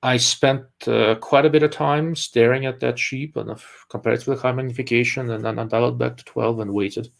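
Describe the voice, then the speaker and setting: A man's voice: medium pitch, fairly even intonation, fairly quick, vocal fry, hardly any pauses. A man in a casual livestream talk, explaining things in a hesitant way with frequent restarts.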